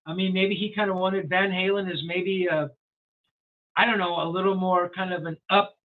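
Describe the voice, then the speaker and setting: Older guy rambling through old rock stories, high voice, sounds like a tinny phone line. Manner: rambling anecdotal storyteller with fillers. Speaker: music journalist, guest. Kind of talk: storytelling interview.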